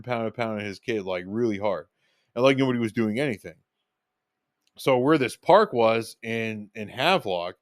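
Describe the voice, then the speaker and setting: A man's voice: medium pitch, no room sound, clean studio sound. A man telling personal stories in a casual, rambling monologue, with lots of fillers and restarts, acting out what he said back then. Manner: rambling, filler-heavy, reenacts his own lines. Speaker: podcast host telling stories.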